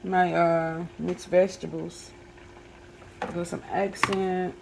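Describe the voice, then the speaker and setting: A woman's voice: lowish voice, flat delivery, slow pace, gravelly, noisy background. Chatty woman cooking at home. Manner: chatty, talks to viewers as y'all, many fillers. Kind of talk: casual kitchen vlog chat. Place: home kitchen.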